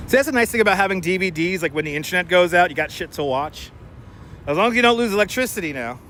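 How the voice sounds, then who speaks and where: A man's voice: sits high, lively intonation, quick pace, a bit bright, slight background noise. A man hosting a casual live stream while walking city streets, chatting and answering viewer comments on a clip-on mic. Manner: chatty, rambling, reads viewer comments aloud. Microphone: wireless clip-on mic.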